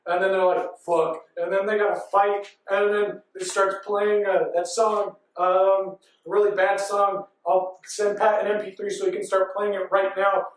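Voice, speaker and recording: Brief: man, 30s, breathless run-on panel storyteller, distant mic in a boomy event room. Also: little pitch movement, moderate pace, hardly any pauses. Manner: breathless, run-on storytelling with frequent ands and laughs. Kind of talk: rambling comic recap. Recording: echoey hall from far off.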